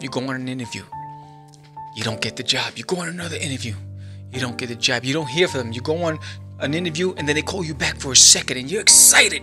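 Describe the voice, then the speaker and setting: A man hosting a podcast, giving an animated motivational talk straight to the listener and acting out little scenes. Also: fairly high pitch, quick pace, vocal fry, music in the background. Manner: animated, addresses listener directly, acts out scenes. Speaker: podcast host. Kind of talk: motivational monologue.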